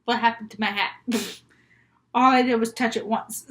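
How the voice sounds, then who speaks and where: A young woman vlogger telling homemade scary stories, chatty and rambling with frequent giggles. Her voice sits a little high for a woman. She talks casually, as if to friends. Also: fairly even intonation, normal speed, a bit bright. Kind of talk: casual storytelling vlog.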